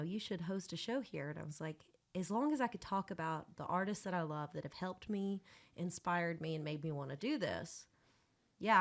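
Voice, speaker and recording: A woman, a musician telling stories as a guest on a podcast in casual chat. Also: on the low side. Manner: chatty storyteller, talks with her hands.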